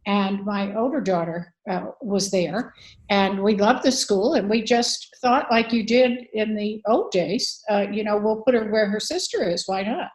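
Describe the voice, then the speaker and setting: A woman's voice: medium pitch, a little slow, poor audio. Older woman guest telling a candid story. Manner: earnest, candid, frequent uh fillers. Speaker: author and advocate guest. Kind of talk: conversational interview storytelling.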